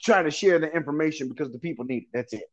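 A man's voice: fairly high pitch, rapid-fire, highs cut off. A man giving motivational advice as an interview guest, earnest and repetitive, preaching with frequent laughs.

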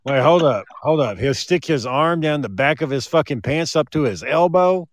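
A man's voice: fairly high pitch, expressive, normal speed. Profane man telling crude stories. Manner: profane, storytelling. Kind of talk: casual chat.

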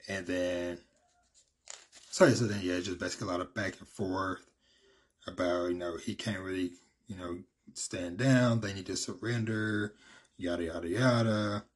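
A man's voice: low voice, fairly even intonation, normal speed. A man casually recapping a story, rambling with lots of fillers. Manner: rambling, many fillers like "you know" and "basically". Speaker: manga recap vlogger.

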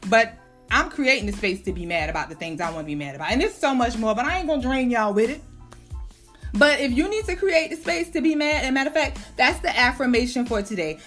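A woman's voice: on the high side, animated, quick pace, fairly bright tone, soft background music. A woman hosting a casual podcast monologue, venting bluntly with profanity and slang. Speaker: podcast host.

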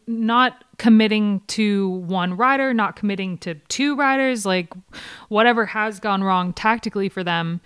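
A woman's voice: mid-range voice, fairly bright tone, clear, resonant tone, no room sound, clean studio sound. A woman co-hosting a cycling podcast, a former rider talking through tactics in a thoughtful, questioning way. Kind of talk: casual podcast chat.

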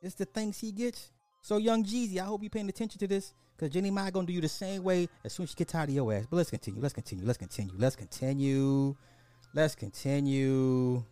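A man with a somewhat high voice gives casual social commentary, swearing freely and mocking the people he talks about. He repeats phrases for effect. The recording is dry and close, with faint music underneath. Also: quick pace, no room sound. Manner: profane, mocking, animated storytelling with repeated phrases. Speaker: podcast host.

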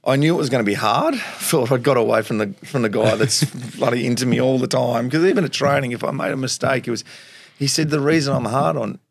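Gravelly Australian man telling stories. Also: medium pitch, a little fast, no echo. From Tasmania, Australia. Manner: animated storyteller, acts out quotes, laughs often. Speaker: guest, former footballer. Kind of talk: storytelling interview.

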